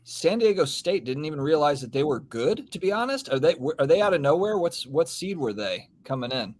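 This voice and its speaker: A man's voice: on the high side, sing-song, a little fast, a little mellow. A man hosting a casual live stream, rambling easily and greeting viewers from the comments. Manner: laid-back, rambling, reads out viewer comments. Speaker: podcast host.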